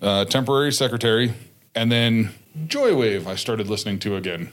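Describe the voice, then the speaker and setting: A man's voice: lowish voice, sing-song, fairly quick. A man co-hosting a casual chat who rambles and corrects himself as he recommends songs. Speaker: podcast co-host.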